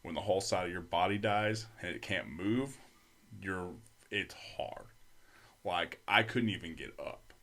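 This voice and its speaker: A young man with a very low voice tells a long story as a podcast guest. He talks loosely and profanely, with many fillers. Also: lively intonation, measured pace, a bit bright. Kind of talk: casual storytelling.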